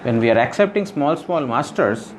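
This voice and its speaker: A man teaching scripture in a devotional lecture, his voice sitting at an ordinary middle pitch. He explains earnestly, circling back over his phrases and leaning on "you know". A light hiss sits faintly under the recording. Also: expressive, moderate pace. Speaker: spiritual teacher.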